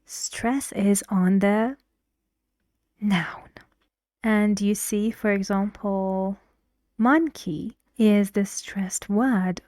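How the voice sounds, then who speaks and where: A woman's voice: mid-range voice, mellow, no echo, clean studio sound. A woman teaching an English pronunciation lesson, explaining stress rules patiently with examples.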